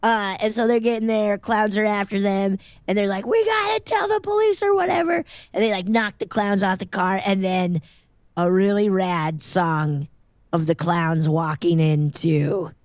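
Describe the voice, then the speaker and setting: Animated woman podcaster, dry close mic. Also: unhurried, dry recording. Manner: animated, acts out characters in high exaggerated voices. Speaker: podcast co-host. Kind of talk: casual chat recapping a movie.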